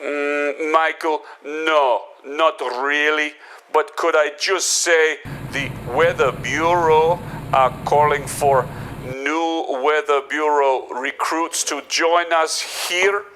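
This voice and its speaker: Man acting as TV weatherman, measured, slightly high, outdoor traffic noise. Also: fairly even intonation, fairly bright tone, poor audio. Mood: earnest. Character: earnest male TV weather presenter.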